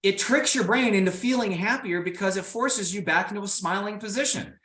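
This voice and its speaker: A man's voice: high voice, fairly quick, reverberant, slight background noise. A man from Indiana giving a motivational keynote talk, playful and speaking straight to his audience. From Indiana, United States. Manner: animated, playful, addresses the audience directly.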